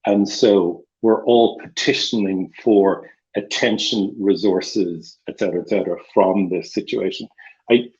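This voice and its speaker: A man speaking on a panel discussion over a video call, in a measured, analytical way with hesitant restarts. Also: low-pitched, fairly even intonation, darkish tone. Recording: dull lo-fi audio.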